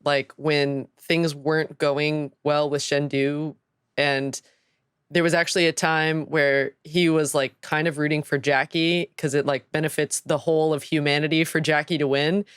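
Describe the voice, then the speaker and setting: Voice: mid-range voice, level tone, moderate pace, fairly bright tone, clean tone, dry recording, studio quality. A podcast co-host talking in an enthusiastic, chatty way. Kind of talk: casual chat.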